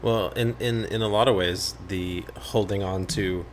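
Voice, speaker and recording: A male host with a low-pitched voice talks with his guest in a soft, affirming way. He adds reflective thoughts calmly, over a faint background hiss. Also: a little slow. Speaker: podcast host. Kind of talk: conversational interview.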